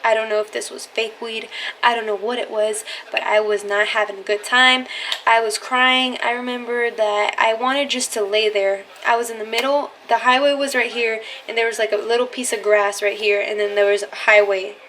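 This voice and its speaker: Young woman vlogger, slangy storyteller, swears freely. Bright, forceful voice, pitched a little high. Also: level tone, normal speed, a little hiss or hum. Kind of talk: casual storytelling.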